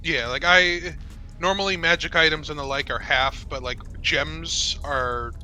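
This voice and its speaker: A man's voice: a little high, measured pace, sharp tone, faint music behind. A man playing a tabletop game, laid-back and joking as he talks to the game master. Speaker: player. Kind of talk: casual tabletop play.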